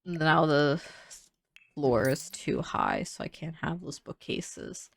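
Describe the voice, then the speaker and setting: A woman's voice: deep voice, takes it slowly, vocal fry. A young woman casually thinking aloud while she builds in a game, chatty and full of "like"s. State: sleepy, yawning. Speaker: gaming creator building in a life sim.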